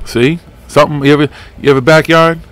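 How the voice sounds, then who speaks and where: A man's voice: on the high side, steady tone, fast talker, a bit bright. A man hosting a live paranormal radio show, chatting in a rambling, profane, laid-back way. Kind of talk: casual live radio chat.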